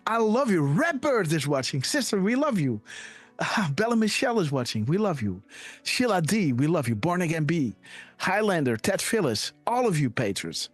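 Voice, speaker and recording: A man hosting a live stream, talking in an excited rush that keeps checking in with his listeners. His voice sits a little high and swings widely up and down as he goes. A faint bed of music runs underneath. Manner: excitable, repeats "guys" and "right?", laughs often. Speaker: livestream host. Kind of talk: casual live commentary.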